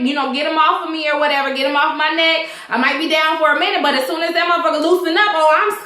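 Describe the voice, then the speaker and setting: Animated, profane woman vlogger, bright voice. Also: high-pitched, roomy sound. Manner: animated, profane, acts out characters' lines. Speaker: vlogger reviewing a TV episode. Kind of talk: casual recap chat.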